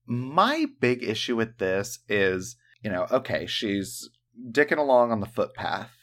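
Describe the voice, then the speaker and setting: A man co-hosting a casual podcast, animated and joking, with plenty of profanity. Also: on the low side, a little slow. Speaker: podcast co-host. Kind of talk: casual chat.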